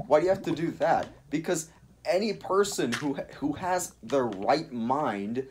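A man's voice: a little high, expressive, moderate pace, darkish tone, slight background noise. A man chatting casually while playing a video game, ranting in an exasperated way about its rules. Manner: ranty and exasperated. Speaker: gaming YouTuber. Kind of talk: casual gaming chat.

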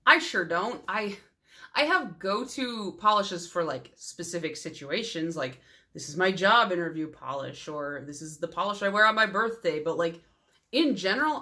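Chatty young woman with a lowish voice. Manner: chatty and rambling, many fillers; warm, sentimental storytelling. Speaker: nail polish vlogger. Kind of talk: casual chat.

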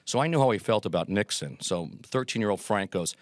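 A middle-aged man with a low, deep voice spins anecdotes as an interview guest. He acts out the quotes with lively energy. The sound is dry and close. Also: a little fast, few pauses, dry recording. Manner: animated anecdotes with acted quotes. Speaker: guest, Groucho performer. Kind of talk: storytelling interview.

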